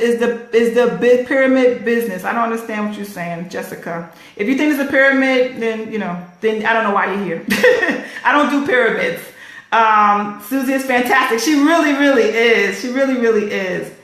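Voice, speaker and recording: A woman hosts a live stream from home in a slightly high voice, pushing her pitch with emphatic repetition and answering viewers by name. The sound is roomy and echoey, as if caught by a phone or laptop microphone. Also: a bit bright. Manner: laughs often.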